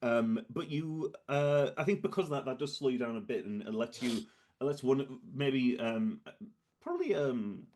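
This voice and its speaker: A man's voice: medium pitch, lively intonation, normal speed, darkish tone. A man running a tabletop game as game master, describing scenes in a hesitant, rambling way full of fillers and restarts.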